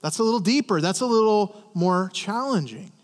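A man's voice: high voice, animated, moderate pace, in a large hall. A man preaching a sermon to a congregation in a conversational way, often restarting words and asking the listeners questions. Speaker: pastor. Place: church service.

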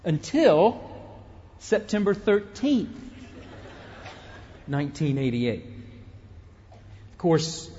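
Middle-aged male preacher, casual and joking, stumbles and restarts, somewhat high-pitched, muffled sound. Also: sing-song, very slow, long pauses, mellow, a little hiss or hum. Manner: conversational and humorous, with frequent self-interruptions. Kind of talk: sermon.

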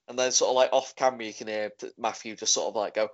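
A man's voice: fairly low pitch, steady tone, fast talker, few pauses. A man chatting casually, rambling and filling his sentences with "sort of, like". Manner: rambling, leans heavily on "sort of, like". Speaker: podcast co-host. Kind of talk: casual chat. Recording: dull lo-fi audio.

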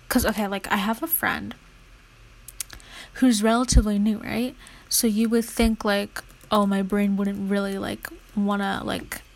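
A woman's voice: medium pitch, vocal fry, low-quality recording. A young woman vlogging casually while studying, rambling and chatty, now and then murmuring her notes half under her breath.

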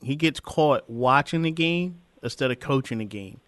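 A man's voice: mid-range voice, lively intonation, moderate pace, a bit bright, no room sound. A man hosting a casual sports podcast, talking emphatically and repeating phrases for effect as he vents. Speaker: podcast host.

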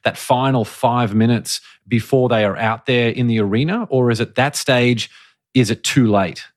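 A man hosting an interview, asking measured, reflective questions. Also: medium pitch, dry recording, clean studio sound. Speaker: podcast interviewer.

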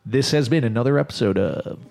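Man, mid-pitched voice, podcast host, upbeat, jokey. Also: brisk, creaky, a little mellow. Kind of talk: casual podcast chat and sign-off.

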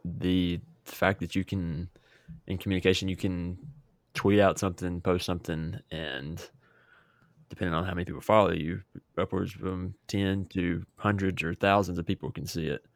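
A man co-hosting a podcast who speaks thoughtfully in casual chat, pausing with fillers. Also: deep voice, steady tone, gravelly, no room sound, clean studio sound. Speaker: podcast co-host.

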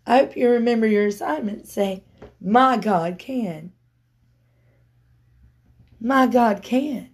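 A woman preaching a sermon, telling a Bible story and building to loud, emphatic peaks. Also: a little high, lively intonation, takes it slowly, pauses often.

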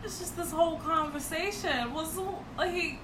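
This is a young woman with a very high voice, tossing exasperated quips into a casual chat among friends. She sounds far from the mic in an echoey room. Loud background noise runs under her. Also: measured pace. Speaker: friend joining in.

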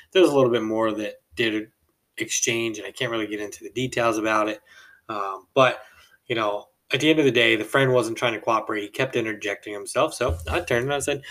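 A young adult man casually telling a story from his job on a podcast, animated and acting out the people in it. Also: lowish voice, fairly quick, recorded from a distance, low-quality recording. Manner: animated, acts out quoted people with a raised voice. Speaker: podcast host.

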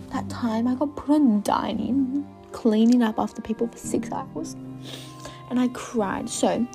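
A woman's voice: a little high, slow, vocal fry, over music. A young woman hosting her own podcast, telling a story in a rambling, casual way full of fillers, sometimes dropping to a whisper. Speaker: podcast host.

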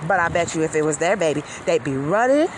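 A woman's voice: sits low, expressive, quick pace, noisy background. A woman in her forties ranting furiously and bitterly, full of profanity. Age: 40s. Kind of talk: angry rant vlog.

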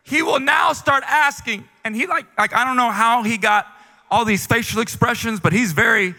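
Bright-voiced pastor in a big echoing hall. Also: male voice, extremely high pitch, normal speed. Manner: animated storytelling with acted quotes. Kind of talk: sermon. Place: large church auditorium. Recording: long hall reverb from a church stage.

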